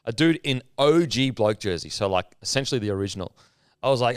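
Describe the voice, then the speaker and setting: A man's voice: medium pitch, expressive, a little fast, clean tone, dry recording, studio quality. A man telling a story in casual podcast chat, laid back and swearing freely. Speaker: podcast co-host. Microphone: studio mic.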